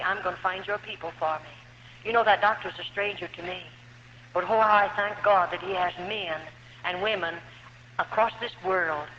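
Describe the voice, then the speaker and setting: A woman with a mid-range voice gives an earnest, emotional personal testimony to an audience, hesitating at points as she tells her story. It's a dull lo-fi archive recording made in an echoey hall, with slight background noise.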